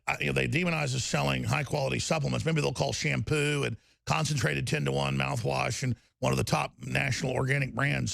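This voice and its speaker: Gravelly, fast-talking male host, combative and rambling, dry close sound. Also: medium pitch, a bit bright, no room sound. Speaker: radio show host. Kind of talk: heated political talk show.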